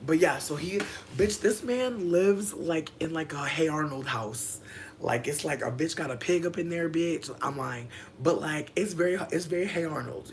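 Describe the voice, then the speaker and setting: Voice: mid-range voice, creaky. A young adult streamer in casual livestream chat, telling a loose, profane story. The speaker rambles through fillers and hops between the story and comments from viewers. A faint hiss sits under the voice. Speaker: content creator.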